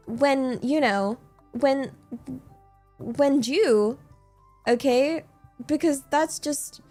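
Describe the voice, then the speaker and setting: A young woman with a high, bright-sitting voice chats on stream, rambling through a story with lots of fillers. She sounds incredulous and breaks into laughter often. Faint music plays underneath. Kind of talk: casual chat storytelling.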